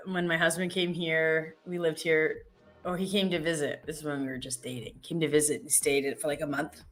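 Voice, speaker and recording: A woman's voice: on the low side, a bit bright. A woman from Canada, a trader chatting casually on a live trading stream, telling stories with lots of "like" fillers. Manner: chatty storyteller, many fillers like "like". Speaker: futures trader co-host.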